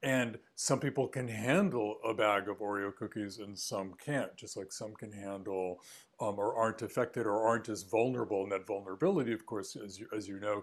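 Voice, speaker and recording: A man being interviewed as an author, explaining his points thoughtfully and often restarting phrases. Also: lowish voice. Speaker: author guest. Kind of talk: conversational interview.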